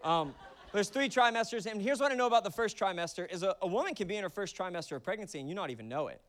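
A man's voice: high-pitched, animated, very fast, a bit bright. A man in his thirties preaching a conversational sermon, acting out voices in his stories. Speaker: pastor.

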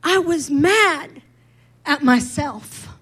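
A woman's voice: high-pitched, extremely slow, a bit bright, low-quality recording. A middle-aged woman pastor giving a candid, personal sermon testimony with emphatic build-ups.

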